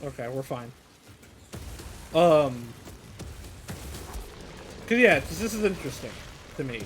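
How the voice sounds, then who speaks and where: A man's voice: a little high, very animated, slow pace, soft background music. A man casually commenting on a game as he plays it on a live stream, joking and laughing at his own play.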